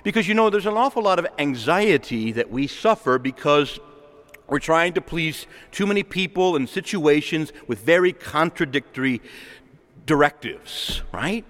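A man preaching a sermon in a conversational, animated way, often acting out the voices of the people he quotes. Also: a little high, moderate pace. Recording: long reverb of a large hall.

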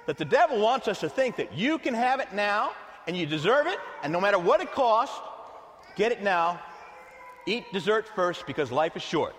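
A middle-aged male pastor preaching a sermon in an animated, conversational way with playful asides, in a church with long reverb. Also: sits high.

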